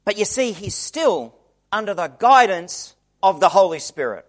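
Lively high-voiced male preacher. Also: measured pace. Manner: conversational, acts out quoted voices. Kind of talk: sermon.

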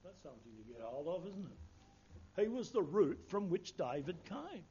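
A man's voice: high-pitched, very animated, moderate pace, mellow, slightly rough, highs cut off. A man preaching a sermon, earnest and emphatic, quoting scripture in old-fashioned wording.

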